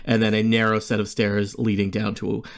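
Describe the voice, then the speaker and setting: Gravelly man running a tabletop game. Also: on the low side, monotone. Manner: halting, with many filler sounds. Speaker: game master.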